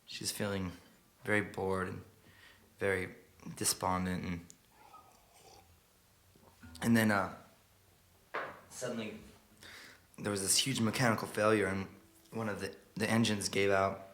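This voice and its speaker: A man quietly murmuring a story as the spoken intro of a song. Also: fairly low pitch, level tone, a little slow, pauses often, slight background noise. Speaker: singer telling a story before a song. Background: plucked guitar music.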